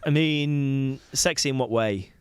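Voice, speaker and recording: A man's voice: medium pitch, unhurried, smooth, dry recording, clean studio sound. A man co-hosting a comedy podcast, rambling and hesitant in casual jokey chat. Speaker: podcast co-host.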